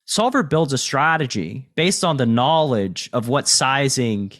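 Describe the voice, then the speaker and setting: A man's voice: medium pitch, expressive, measured pace, a bit bright. Casual, swearing male podcast host. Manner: loose, filler-heavy talk with casual swearing. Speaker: podcast host and poker coach.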